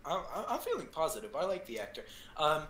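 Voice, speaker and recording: Chill guy chatting on a stream, bright voice, lots of ups and downs. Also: fairly high pitch, sing-song, fast talker, roomy sound. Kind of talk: casual chat.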